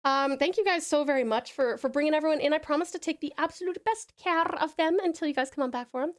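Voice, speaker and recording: A woman's voice: high-pitched, fast. A woman with an Australian accent chatting casually on a live stream, reading chat aloud and calling her viewers darling and sweetheart. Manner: demonstrates purring and rolled R's.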